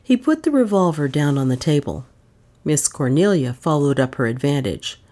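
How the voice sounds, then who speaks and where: A woman reading a novel aloud as an audiobook narrator, with expressive storytelling. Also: low-pitched, normal speed. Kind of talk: scripted narration.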